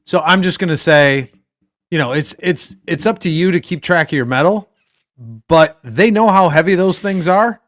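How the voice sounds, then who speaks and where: Guy co-hosting a sports podcast, kinda high voice, rambles and jokes around, dry close mic. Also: moderate pace, no room sound. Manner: rambling, animated, jokey. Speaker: podcast co-host. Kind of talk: casual sports chat.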